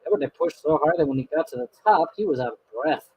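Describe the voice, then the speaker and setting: A man reading a children's storybook aloud, expressive and lively with small slips. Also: fairly high pitch, fast talker, vocal fry, breathy edge, low-quality recording. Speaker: storybook narrator.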